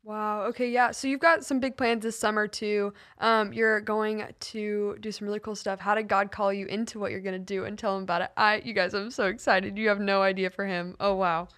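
A woman's voice: mid-range voice, flat delivery, a little fast, few pauses, a bit bright. A woman hosting a podcast, reacting with enthusiastic wows and asking her guest questions. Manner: enthusiastic, frequent "wow" reactions. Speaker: podcast host. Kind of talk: casual interview.

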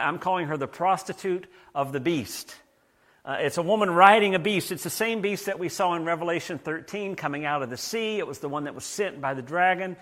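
A man's voice: on the high side, fairly bright tone. A man who is a pastor, preaching a conversational sermon and reading scripture aloud, with frequent small restarts.

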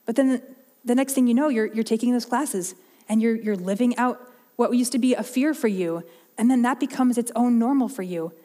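A woman's voice: fairly high pitch, moderate pace, dark tone, big-room sound. A woman preaching a sermon in an earnest, heartfelt way, often restarting and repeating her words.

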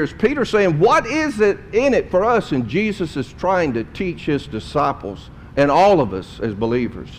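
Animated preacher in a reverberant hall. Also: male voice, fairly high pitch, slight background noise. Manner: animated, conversational preaching with asides. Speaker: pastor. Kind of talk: sermon.

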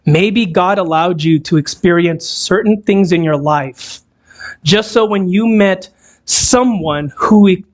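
A man's voice: high voice, a little mellow. A man preaching a sermon in a church, talking to the congregation and putting questions to them. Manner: conversational, asks the audience questions. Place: church hall, also streamed on a video call.

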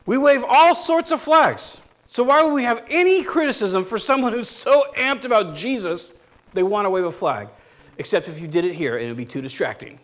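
Male pastor, high speaking voice, casual sermon delivery full of rhetorical questions. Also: lively intonation, a little fast, a bit bright. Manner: conversational preaching with rhetorical questions.

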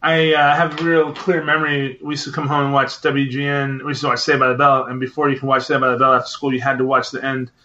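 A man's voice: mid-range voice, level tone, quick pace, few pauses, sharp tone, highs cut off. A man in casual podcast chat, telling rambling, profane stories with acted-out quotes.

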